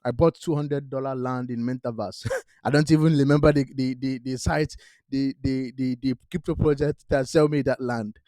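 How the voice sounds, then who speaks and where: A man's voice: medium pitch, fairly even intonation, moderate pace, mellow, dry recording. A man hosting a crypto channel, talking straight to viewers in an emphatic, repetitive way and often checking in with "all right?". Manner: emphatic, repeats "all right?", non-native grammar. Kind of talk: direct-to-camera investment talk.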